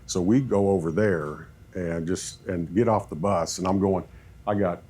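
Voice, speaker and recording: A man who coaches football, telling animated stories in a podcast chat and acting out what people said. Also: low voice, a little slow, slightly rough. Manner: animated storyteller, acts out quoted talk.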